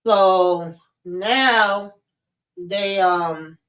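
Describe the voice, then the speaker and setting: A woman hosting a vlog, telling a personal story in a casual, expressive and profane way, talking straight to her viewers. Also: mid-range voice, extremely slow, distant mic, low-quality recording. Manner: expressive, profane, addresses viewers as child and y'all.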